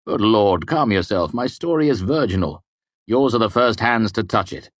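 A man reading the part of a wry innkeeper storyteller, with calm, amused, dismissive delivery. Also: lowish voice, moderate pace, dry recording, voice pushed up.

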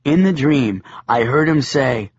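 A man narrates a comic novel in the first person, with a wry, deadpan edge and a lively, rolling pitch. His voice has a husky grain, recorded dry and close, with a slightly dull, lo-fi audiobook sound. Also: unhurried, no echo.

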